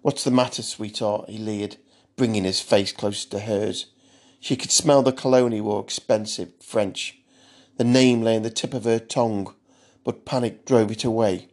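A man narrating a thriller story in a measured, steady audiobook style. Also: on the low side.

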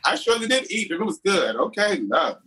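A drag performer from California telling dating stories as a podcast guest, animated and laughing often, calling everyone "girl". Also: high-pitched, brisk, over a noisy crowd, rough recording. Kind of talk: casual chat.

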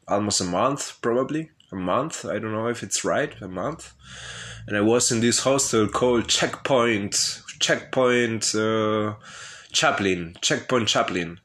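Slow, low-voiced man rambling candidly. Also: fairly bright tone. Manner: hesitant and profane, with frequent laughs and fillers. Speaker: vlogger telling his life story. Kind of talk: rambling personal monologue.

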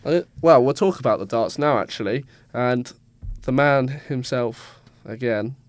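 A man's voice: medium pitch, measured pace, no echo. A man co-hosting a casual sports podcast, rambling and stumbling over player names with self-mocking asides.

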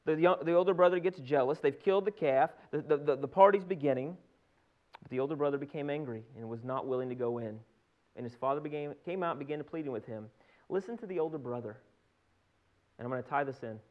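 A male pastor teaching in an earnest sermon, often repeating words as he builds a point. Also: a little high. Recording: dull lo-fi sound.

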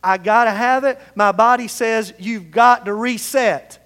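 A man's voice: sits high, measured pace, a bit bright. A male pastor preaching a sermon, leading the congregation in reading scripture aloud together. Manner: leads the congregation in call-and-response scripture reading. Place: church sanctuary. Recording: long reverb of a large hall.

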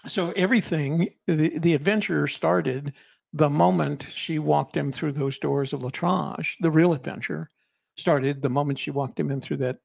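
An older man talks through a casual chat in a rambling, reflective way, often restarting his sentences. His voice is gravelly and sits a little high for a man. The sound is dry, with no room echo. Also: darkish tone. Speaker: co-host and author.

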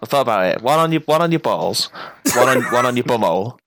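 A man in casual chat, rambling and halting with frequent laughs. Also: medium pitch, lively intonation, a bit bright, dry recording. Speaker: podcast co-host.

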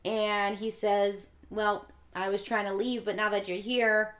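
A woman's voice: medium pitch, flat delivery, a little slow, a bit bright. A woman in a casual chat, retelling a film plot and acting out the characters' lines. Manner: acts out the characters' lines while narrating. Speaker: podcast co-host.

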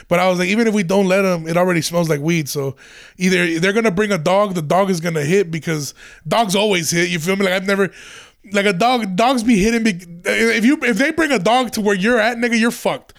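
Young male comedian, high gravelly voice, profane rambling storyteller. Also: fairly quick. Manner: profane, rambling, animated retelling with quoted voices. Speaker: stand-up comedian. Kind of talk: casual storytelling.

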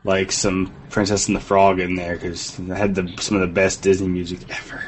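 A tired man co-hosting a casual podcast, trading flat, deadpan remarks. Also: deep voice, normal speed, slight background noise. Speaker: co-host.

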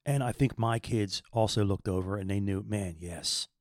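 Earnest low-voiced man in his fifties. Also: fairly quick, darkish tone, no echo, studio quality. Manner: earnest, rambling, repeats words while searching. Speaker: podcast host. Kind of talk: personal faith talk.

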